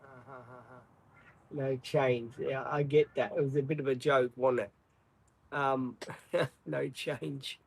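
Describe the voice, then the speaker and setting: A man's voice: medium pitch, level tone, measured pace, darkish tone, rough recording. An Australian man hosting a livestream, chatting casually, apologetic and rambling with many ums. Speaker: livestream host. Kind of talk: casual live-stream chat.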